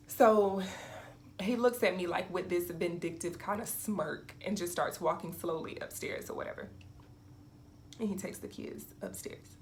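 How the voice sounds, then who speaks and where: A woman's voice: lowish voice, normal speed, slight background noise. A young woman vlogger telling a casual storytime, acting out quotes and laughing often.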